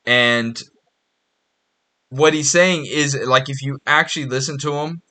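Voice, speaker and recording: Blunt, bright-voiced male podcast host. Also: mid-range voice, unhurried. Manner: blunt, profane and rambling with frequent restarts. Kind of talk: casual monologue.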